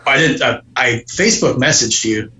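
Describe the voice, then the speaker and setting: A man from Wisconsin, a guest podcast host, chatting casually in a quick, joking, self-mocking way. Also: medium pitch, pushed and bright, lo-fi sound, slight background noise.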